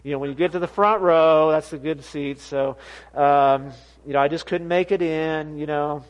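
Male pastor with a light, high voice; lively, laughing sermon storyteller. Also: normal speed, muffled recording. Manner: animated, laughing storyteller who acts out quoted voices. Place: church sanctuary.

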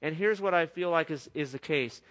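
A man's voice: a little high, normal speed, fairly bright tone. A middle-aged man preaching a sermon in an earnest, conversational way, often restarting his sentences. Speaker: pastor.

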